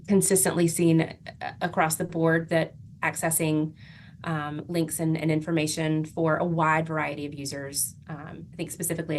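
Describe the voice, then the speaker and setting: A woman co-presenting a webinar over a video call, talking in an easygoing, halting way with many fillers. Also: sits low, slight background noise. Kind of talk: webinar discussion.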